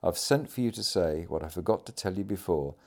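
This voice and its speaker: A man voicing a dying naval commander, speaking weakly and low, with bursts of forceful insistence. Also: expressive, a little fast, creaky, exaggerated voice. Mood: weary, resigned. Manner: weak, low, fading delivery with sudden forceful outbursts.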